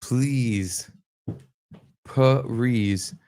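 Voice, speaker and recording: Male podcast co-host, mid-pitch, crude joking banter while reacting to clips. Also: very slow, warm tone, a little hiss or hum. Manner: profane, joking, reacting to videos. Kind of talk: casual comedic banter.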